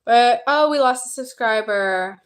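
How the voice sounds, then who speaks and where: A woman's voice: fairly high pitch, a little slow, a little hiss or hum. A young woman from the American South with a Southern accent, chatting casually on a livestream and thanking viewers for subscribing. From Southern United States. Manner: chatty and upbeat, reading out viewer comments and thanking new subscribers. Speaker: YouTuber hosting a livestream.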